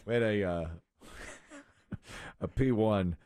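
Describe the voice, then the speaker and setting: A man's voice: fairly low pitch, takes it slowly, darkish tone, no echo, clean studio sound. A man hosting a morning radio show, bantering casually with co-hosts and taking calls. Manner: chatty, agreeable, fields calls. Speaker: radio host.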